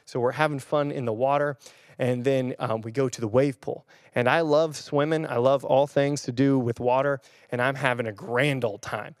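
A man's voice: medium pitch, fairly even intonation, moderate pace, no echo, clean studio sound. A young man, a pastor, giving a casual sermon on camera. He talks in a chatty, rambling way with fillers and restarts. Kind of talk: casual sermon with personal story. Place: church or room filmed on camera.

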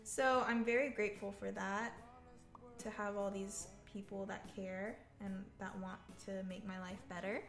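Slow-talking young woman co-host. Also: mid-range voice, level tone, fairly bright tone, faint music behind. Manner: drawling, laughs often, lots of fillers. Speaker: podcast co-host. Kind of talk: casual chat.

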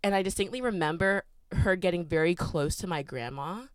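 A young woman co-hosting a podcast tells a travel story in a chatty, casual way, saying "like" a lot. Her voice is fairly low-pitched and brisk, with no echo.

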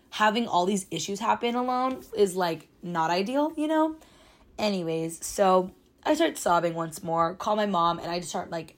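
A woman in her twenties, a podcast host, telling a travel story in a chatty, dramatic way with lots of "like". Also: mid-range voice. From United States. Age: 20s. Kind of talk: casual storytime monologue.

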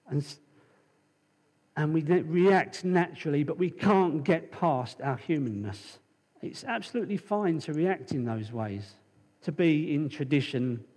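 A man's voice: fairly high pitch, a little mellow, big-room sound. A male preacher giving a conversational sermon, telling stories and reading scripture.

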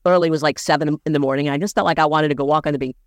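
A woman podcast host telling a story in relaxed, casual chat. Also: low voice, racing, no echo, studio quality.

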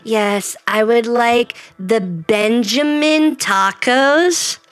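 A man doing a deranged little creature from a comedy podcast who talks in a sultry put-on voice, dragging every word out very slowly. Faint music sits under it. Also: very high-pitched, fairly bright tone, dry recording, pitched above the performer's own voice, full character voice. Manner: slow drawling sexy-voice bit, absurd and violent. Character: slow, sultry, unhinged creature kept in a hole.

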